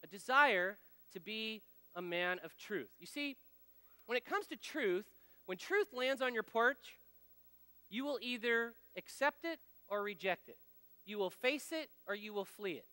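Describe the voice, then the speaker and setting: A man's voice: high-pitched, expressive, unhurried, pushed and bright, smooth, no echo, in a large hall. A man in his thirties or forties giving a folksy, conversational sermon full of personal stories, speaking straight to his audience. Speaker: speaker at a men's ministry gathering.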